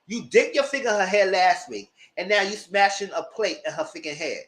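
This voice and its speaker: A man's voice: sits high, expressive, a little fast, a bit bright. A man giving a casual live review of a reality TV show, retelling scenes with exasperation and cursing.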